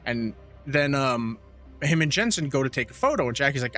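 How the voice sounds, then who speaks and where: Bright-voiced man telling a lively story. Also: on the high side, a little fast, faint music behind. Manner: animated storyteller, swears freely, acts out quotes. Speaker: podcast co-host. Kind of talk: casual chat.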